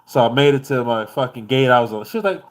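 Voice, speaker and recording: A man's voice: medium pitch, animated, fast. Laid-back American man telling a travel story. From United States. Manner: loose, profane and laid-back, laughs often. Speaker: vlogger.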